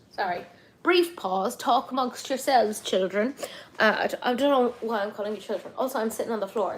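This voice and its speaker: An Irish woman hosting a live chat with viewers, talking in a chatty, lively way with lots of asides. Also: mid-range voice, fairly quick, slight background noise. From Ireland. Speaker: livestream host.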